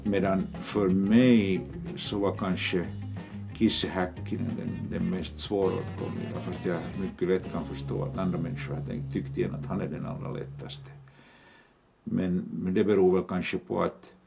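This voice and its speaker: Gravelly low commentator. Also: male voice, level tone, normal speed, music in the background. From Finland. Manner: hesitant, weighing his words, repeating himself. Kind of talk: documentary interview.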